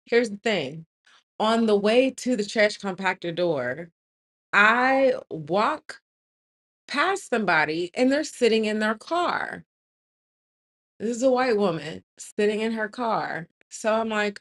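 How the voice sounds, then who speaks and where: A young adult woman tells a story in a loud, lively voice at a middle pitch. She is animated and emphatic, and leans hard on the key moments. Her delivery is casual and direct, as if talking to friends. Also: measured pace. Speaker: host.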